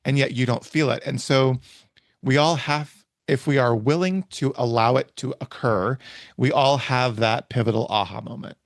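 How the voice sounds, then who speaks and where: A man's voice: medium pitch, normal speed, no echo, clean studio sound. A male podcast host speaking in an earnest, heartfelt way, openly moved during the conversation. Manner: earnest, heartfelt, gets emotional. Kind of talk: emotional interview conversation.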